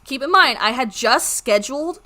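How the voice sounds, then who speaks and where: High bright-voiced woman streamer, animated. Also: normal speed. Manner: animated, swears freely, laughs through the story. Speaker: art streamer. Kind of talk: casual storytelling chat to stream viewers. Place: at home.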